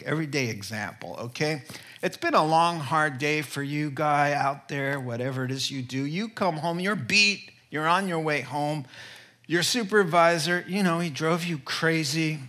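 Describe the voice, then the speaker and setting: A man preaching a sermon, telling an everyday story with lively swings between loud and soft delivery. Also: unhurried. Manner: animated storytelling with wide pitch swings; drops to soft, quiet delivery for emphasis. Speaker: pastor.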